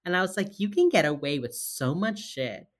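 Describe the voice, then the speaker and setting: A woman co-hosting a podcast, casually recapping a TV episode, swearing freely and retelling scenes in quick quoted bits. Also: lowish voice, very animated. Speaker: podcast co-host.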